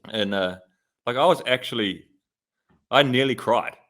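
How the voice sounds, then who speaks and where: A man's voice: medium pitch, unhurried, a bit bright. A man, a podcast co-host and former pro cyclist, telling stories in casual chat, full of "like" fillers. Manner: storytelling, lots of "like" fillers.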